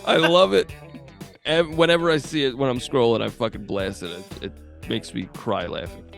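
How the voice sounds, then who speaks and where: A man's voice: mid-range voice, moderate pace, vocal fry, fairly bright tone, faint music behind. A man co-hosting a podcast, chatting casually, joking, laughing often and swearing. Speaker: podcast co-host. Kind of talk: casual chat.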